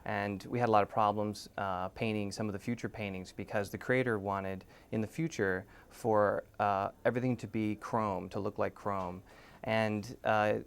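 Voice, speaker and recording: A man supervising background painters in a behind-the-scenes interview, explaining calmly and instructively with lots of pauses. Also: on the low side, gravelly, clear, resonant tone. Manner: relaxed, instructive, frequent uh fillers.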